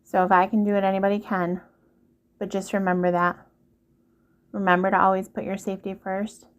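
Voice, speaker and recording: A woman's voice: mid-range voice, level tone, brisk. A woman speaking earnestly and directly to the listener in a casual advice monologue, repeating her points. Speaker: vlogger giving relationship advice.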